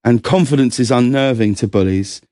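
A man's voice: medium pitch, normal speed, no echo, studio quality. A man chatting as a guest on an interview show, telling anecdotes and acting out quotes in a raised voice. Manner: animated storyteller, acts out quotes in raised voice. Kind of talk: casual interview chat.

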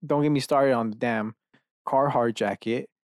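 A man's voice: mid-range voice, normal speed, dry recording, clean studio sound. A man hosting a podcast alone in his bedroom, rambling from one idea to the next with lots of profanity and self-mocking asides. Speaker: podcast host. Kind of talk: rambling solo rant.

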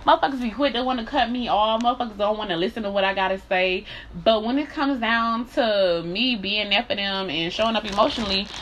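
Blunt, profane woman with a bright voice. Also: medium pitch, fairly quick, a little hiss or hum. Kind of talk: candid monologue.

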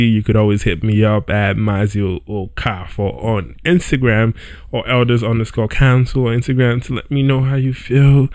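A man's voice: fairly low pitch, a little mellow, clear, resonant tone, no echo. A young man hosting a podcast, telling a story in a loose, chatty way, often checking in with "right?" and "yo". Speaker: podcast host. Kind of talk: casual storytelling monologue. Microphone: home setup with squeaky chair.

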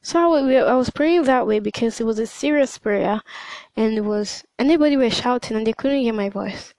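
A woman's voice: on the high side, a little fast, darkish tone, dry recording, rough recording. A young woman talking casually in a hesitant monologue, full of fillers and restarts. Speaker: podcast host.

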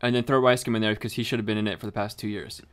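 A man's voice: lowish voice, level tone, very fast, smooth. A young man, the podcast co-host, chatting casually and chiming in with laid-back remarks. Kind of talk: casual chat.

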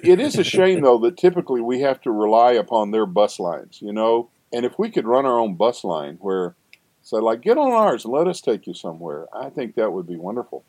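A man's voice: medium pitch, a little mellow, dry recording. An older man, a seminary professor, talking in a rambling conversational interview with frequent restarts and asides.

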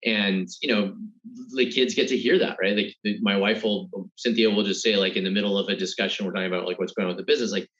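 Low-voiced man musing in a dull recording. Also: fairly even intonation, fast, fairly bright tone. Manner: reflective, many restarts. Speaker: guest entrepreneur. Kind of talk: casual interview talk.

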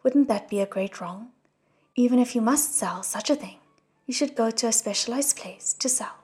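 A woman's voice: a little high, normal speed, a little mellow, slightly rough, faint music behind. Woman voicing an earnest young crown prince. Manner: earnest, admonishing, solemn.

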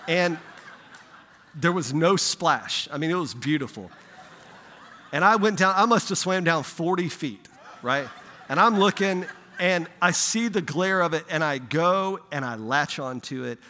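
A man preaching as a pastor, telling a lively personal story in a sermon, growing loud and excited. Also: fairly high pitch, unhurried, long reverb tail, slight background noise. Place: church sanctuary.

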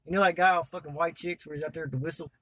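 A man's voice: on the high side, steady tone, very fast, fairly bright tone. A man telling a crude story in a rambling, profane, laid-back way while stoned. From US South. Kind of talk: crude storytelling in casual chat.

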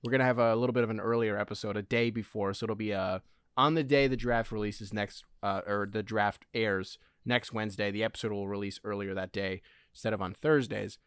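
A man co-hosting a podcast in casual sports chat, animated, with quick asides. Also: fairly low pitch, clear, resonant tone, dry recording, clean studio sound. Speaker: podcast co-host.

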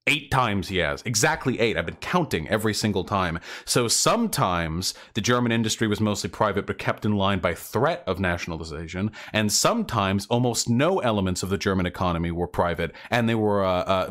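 A man with a somewhat low voice hosts a reaction commentary, picking apart clips. His delivery is sarcastic and mocking, full of dry asides. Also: animated, brisk, few pauses, a bit bright. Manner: sarcastic, rebutting. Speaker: commentary video host.

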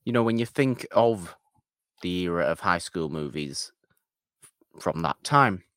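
British man, low voice, mock-offended banter. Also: measured pace, no room sound, clean studio sound. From Britain. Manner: playful, mock-offended, animated. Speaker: podcast co-host. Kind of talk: casual chat.

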